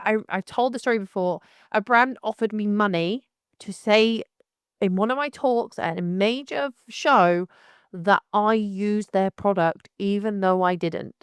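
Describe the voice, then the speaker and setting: Frank, animated English woman podcaster. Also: mid-range voice, smooth, no room sound, clean studio sound. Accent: light West Country English. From Devon and Somerset, England. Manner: frank, animated, calls listener darling. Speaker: podcast host. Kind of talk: casual solo podcast talk.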